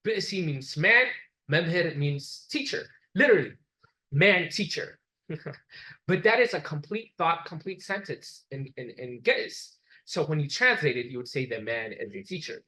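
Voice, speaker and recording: A man lectures a live class in a slightly high voice. He explains patiently, step by step. He repeats his examples so everyone can follow. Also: animated, unhurried, sharp tone, poor audio.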